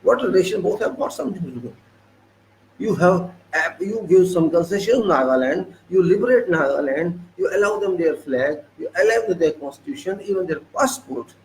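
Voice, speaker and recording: An Indian man with a fairly high voice delivers an indignant monologue, full of rhetorical questions and repeated points. His accent is Indian English. A faint hum sits behind him. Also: a little mellow, rough recording. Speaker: political commentator. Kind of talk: monologue commentary.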